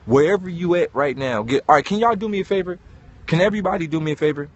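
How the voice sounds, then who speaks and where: A man giving an animated, preachy motivational talk, swearing and calling listeners dog. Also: fairly high pitch, quick pace, lo-fi sound. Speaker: host.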